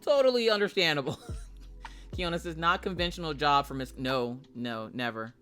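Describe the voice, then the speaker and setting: A brash, profane woman streamer chats live with viewers, telling jokey stories and breaking into loud mock rants. Her low-pitched voice is bright and forceful at a moderate pace, with faint music behind her in this casual live-stream chat.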